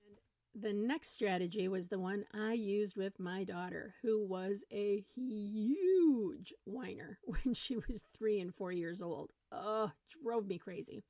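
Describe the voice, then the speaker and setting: A woman's voice: mid-range voice, slow pace, no echo, clean studio sound. Earnest middle-aged parenting coach woman. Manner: earnest, with animated acted-out examples. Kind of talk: instructional talk to camera.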